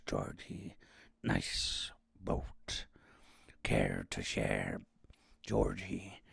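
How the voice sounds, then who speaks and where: A man putting on the voice of a menacing male clown who taunts a child in low, drawn-out, half-whispered phrases. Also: vocal fry, fairly bright tone, slightly rough, dry recording, studio quality, full character voice.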